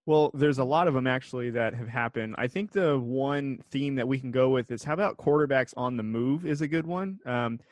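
A man co-hosts a casual sports talk show from his living room at home, teasing his partner and then settling into steady analysis. His voice sits at a middle pitch, and the sound is dry and close. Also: a little fast, hardly any pauses, no room sound.

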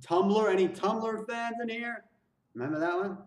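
A man hosting a music reaction, excitedly repeating lyrics back and exclaiming. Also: high voice, unhurried, roomy sound, distant mic. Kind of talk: casual reaction commentary.

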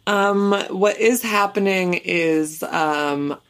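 Playful young woman in a lowish voice. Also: drawn-out words. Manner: playful, deadpan joking, many ums. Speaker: podcast co-host. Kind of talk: casual chat with mock reporter voice. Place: home bedroom with a radiator.

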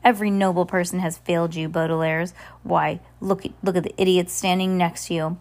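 A woman's voice: lowish voice, little pitch movement, a little fast, a little mellow, close to an everyday voice. A woman reading aloud, voicing a scheming, sneering villainous man from a storybook. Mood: boastful. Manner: sneering, boastful.

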